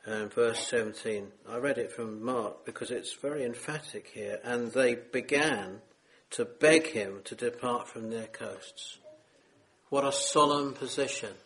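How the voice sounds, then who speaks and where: A man's voice: medium pitch, unhurried, fairly bright tone. A man preaching a sermon, earnest and solemn, pleading with his listeners.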